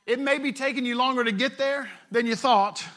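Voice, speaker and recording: Male pastor, high and bright voice, chatty sermon delivery with jokey asides. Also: steady tone, fairly quick. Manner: conversational, retells scripture with playful asides.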